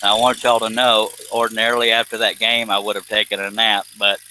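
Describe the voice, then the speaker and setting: Sleepy male stream host, lowish bright voice, easygoing rambling chat, reads comments out. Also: monotone, a little fast, slight background noise, low-quality recording. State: sleepy, yawning. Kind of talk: casual live-stream chat.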